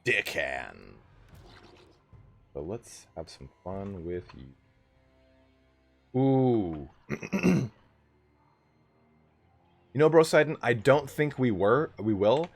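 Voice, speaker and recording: A man streaming a strategy game live, chatting casually with viewers, swearing freely and breaking into excited outbursts. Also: mid-range voice, extremely slow, pauses often. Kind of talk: casual live gameplay commentary.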